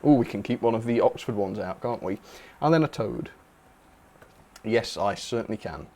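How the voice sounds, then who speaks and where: A young man hosting a relaxed livestream, chatting casually, reading out viewer comments with lots of fillers. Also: on the low side, moderate pace. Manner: chatty, reads viewer comments aloud, frequent fillers and laughs. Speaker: livestream host. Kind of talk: casual live chat.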